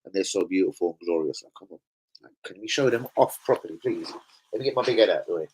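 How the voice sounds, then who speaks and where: A man hosting a casual live stream, sweary and rambling as he shouts out his viewers. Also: deep voice, lively intonation, quick pace, slightly rough, rough recording. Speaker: live-stream host and football fan. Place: home room with a laptop. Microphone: laptop setup.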